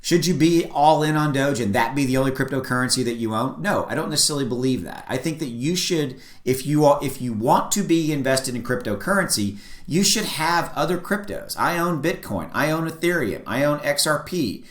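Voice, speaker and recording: A man's voice: medium pitch, expressive, fairly quick, hardly any pauses. Male vlogger, mid-range voice, earnest and emphatic with many restarts, recorded in a room with echo. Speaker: crypto video host. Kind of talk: casual direct-to-camera opinion talk. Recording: echoey room.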